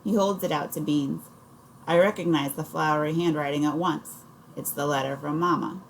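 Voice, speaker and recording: A woman reading a first-person audiobook in a steady storytelling manner. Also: sits low, moderate pace, a little hiss or hum, rough recording. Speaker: audiobook reader.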